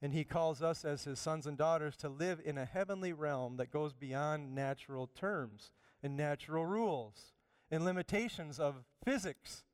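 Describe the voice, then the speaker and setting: A man preaching a sermon, animated, swinging from loud emphatic bursts down to quiet asides. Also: on the high side, moderate pace, clear, resonant tone, no room sound, clean studio sound. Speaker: pastor.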